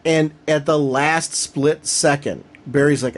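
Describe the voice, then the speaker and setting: A man co-hosting a comics podcast, retelling scenes with growing excitement and acting out the characters' lines. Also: on the high side, takes it slowly, few pauses. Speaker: podcast co-host. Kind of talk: casual comics discussion.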